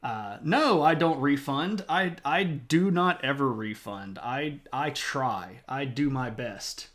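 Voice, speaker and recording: Playful, unhurried male streamer. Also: mid-range voice, a bit bright. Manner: playful and self-mocking. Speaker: live streamer. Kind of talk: casual chat reading viewer comments.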